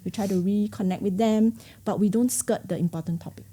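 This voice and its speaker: A woman, calmly giving parenting advice on a podcast panel. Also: medium pitch, a little fast, a little hiss or hum. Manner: calm, advisory explaining.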